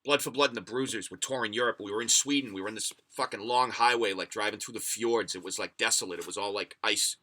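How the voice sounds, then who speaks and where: Bright-voiced rambling American podcast host. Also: male voice, fairly low pitch, quick pace, few pauses. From United States. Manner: rambling, profane storyteller reading chat comments. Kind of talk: casual livestream chat.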